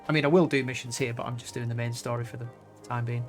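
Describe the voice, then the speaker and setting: A man's voice: mid-range voice, level tone, brisk, soft background music. A man giving casual let's play commentary with offhand, mildly sarcastic asides. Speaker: gamer.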